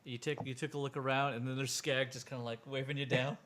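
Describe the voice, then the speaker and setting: A man's voice: medium pitch, little pitch movement, fast talker, crowd noise. A man narrating a tabletop game as game master, rambling with lots of fillers.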